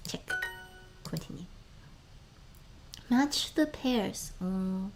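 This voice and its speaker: A woman's voice: mid-range voice, gravelly, darkish tone, slight background noise. Sex: woman. Role: streamer. Style: casual live chat, mumbles and whispers words under her breath, frequent laughter. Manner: sounds out words slowly, drops to murmurs and whispers; laughs often between phrases.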